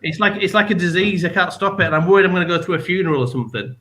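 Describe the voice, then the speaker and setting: A man's voice: high voice, racing, bright, forceful tone. A man in his thirties on a comedy panel, telling a rambling, self-deprecating story about parenting. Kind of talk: casual anecdote.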